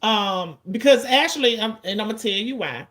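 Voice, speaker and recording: A woman, giving casual, blunt and profane commentary in an animated storytelling way. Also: on the high side, moderate pace.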